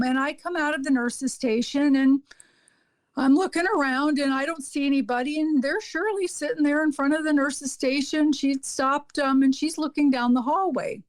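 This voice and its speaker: A woman's voice: high-pitched, normal speed, no room sound. A woman, a hospice nurse guesting on a podcast, telling earnest stories with frequent ums and repeated words. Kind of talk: casual podcast conversation.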